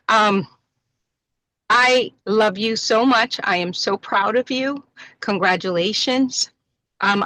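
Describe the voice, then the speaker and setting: Bright, emotional middle-aged woman. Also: a little high, dry recording, rough recording. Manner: emotional, mixes in Spanish endearments. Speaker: guest well-wisher. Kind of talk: heartfelt tribute on a video call. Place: parked car.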